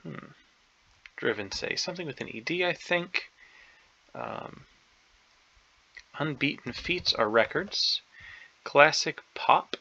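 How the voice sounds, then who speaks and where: Speaking slowly and pausing often, a man thinks out loud as he tackles a crossword, unsure and hesitant, with many ums and self-doubts. His voice is on the high side, expressive, creaky, and sharp in tone, heard on a dull lo-fi recording.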